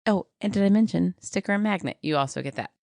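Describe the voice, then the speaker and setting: A woman's voice: mid-range voice, quick pace, gravelly, darkish tone, no echo. A woman co-hosting a podcast in casual chat, rambling and giggling as she reads out thanks and plugs. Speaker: podcast co-host.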